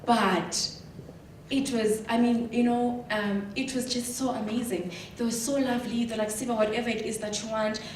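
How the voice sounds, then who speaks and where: A woman's voice: on the high side, normal speed, a little hiss or hum. Woman speaking in an echoey hall. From South Africa. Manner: lively storytelling with frequent laughs. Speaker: guest speaker. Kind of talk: motivational talk. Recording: echoey hall, distant mic.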